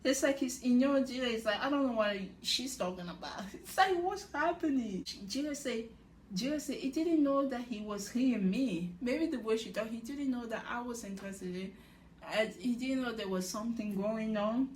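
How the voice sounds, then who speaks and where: A woman's voice: a little high, moderate pace, slight background noise. Laughing woman recapping a show, echoey. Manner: animated, laughs often, retells scenes in quotes. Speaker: reaction video host. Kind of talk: casual recap commentary.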